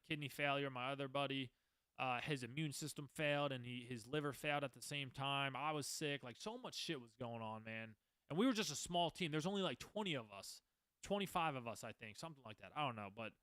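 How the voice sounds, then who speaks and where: A man's voice: on the high side, bright, forceful tone, clean tone, no room sound. A man in his twenties, a podcast host, telling his own stories in a loose, rambling way, swearing often and restarting his sentences. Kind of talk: casual storytelling monologue.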